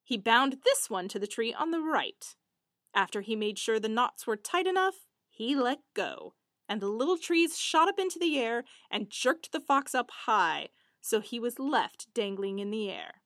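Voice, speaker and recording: Brief: woman storyteller, high and very animated, dry close sound. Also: unhurried, no echo. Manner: expressive, lively storytelling. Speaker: narrator. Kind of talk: storybook narration.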